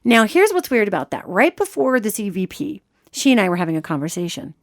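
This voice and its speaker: A woman hosting a podcast, giving lively, chatty advice in a casual instructive way. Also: medium pitch, a little fast, no room sound, studio quality. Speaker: podcast host.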